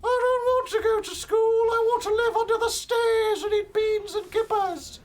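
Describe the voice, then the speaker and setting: Harry Potter, squeaky and whiny, as a man puts him on. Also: fairly even intonation, moderate pace, poor audio. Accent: put-on British. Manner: whining, childish complaints. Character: whiny young boy wizard, British.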